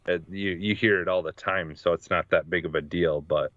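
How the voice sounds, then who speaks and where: A man from Wisconsin chats on a podcast in halting bursts, chuckling as he goes. His voice sits very low. The recording is dull and dry. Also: fairly even intonation, a bit bright, dry recording. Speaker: podcast co-host. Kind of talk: casual podcast chat.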